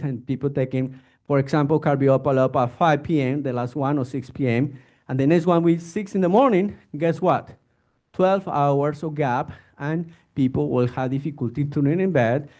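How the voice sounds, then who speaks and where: A man who is a physician, giving an informal medical lecture and acting out exchanges with patients. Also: on the high side. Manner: animated, acts out patient exchanges.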